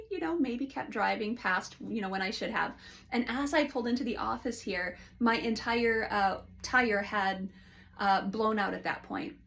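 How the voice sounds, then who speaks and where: Brief: woman counselor with a gravelly edge and a mid-range pitch, reflective and candid, in an office setting. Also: fairly bright tone. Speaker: licensed counselor. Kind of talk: casual talk to camera.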